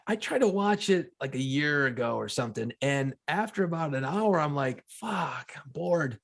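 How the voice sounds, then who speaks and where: A man's voice: fairly high pitch, lively intonation, normal speed, creaky, fairly bright tone. A man co-hosting a podcast in casual chat, profane and joking, quoting his own reactions. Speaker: podcast co-host.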